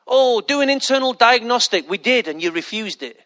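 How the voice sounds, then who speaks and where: High, bright-voiced pastor preaching. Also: male voice, expressive, fairly quick, hardly any pauses. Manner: emphatic preaching with joking asides to the congregation. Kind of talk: sermon.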